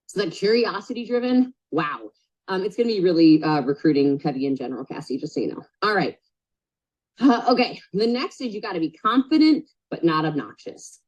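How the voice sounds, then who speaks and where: A woman's voice: lowish voice, darkish tone, rough recording. Woman, sales coach, blunt and direct, repeats herself for emphasis, casual, swears a little. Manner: super direct, emphatic, repeats key points; casual, swears, checks in with "okay?". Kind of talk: live group coaching call.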